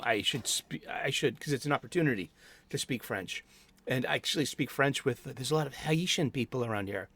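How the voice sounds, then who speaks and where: A middle-aged man hosts a casual solo chat about comic books from his home studio, rambling with lots of fillers and restarts. His voice sits at a medium pitch, and there's no room sound.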